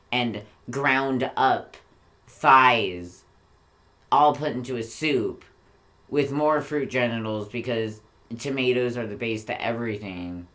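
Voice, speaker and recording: A man's voice: mid-range voice, a bit bright. A man co-hosting a casual book read-through podcast, ranting with lots of swearing and mocking put-on quotes. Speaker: podcast co-host.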